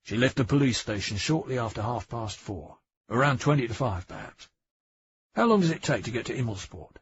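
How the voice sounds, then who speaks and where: A man voicing a patient, methodical male police detective who spells things out deliberately and emphatically. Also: medium pitch, animated, husky, dry recording. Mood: questioning. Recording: dry, dull audiobook recording.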